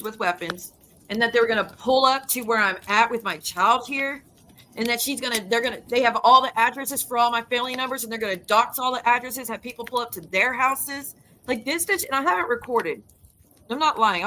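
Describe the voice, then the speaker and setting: A woman's voice: on the high side, bright, forceful tone, a little hiss or hum, poor audio. A woman YouTuber ranting in a casual vlog, heated and blunt, swearing freely and repeating her denials with emphasis. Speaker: YouTuber and live streamer.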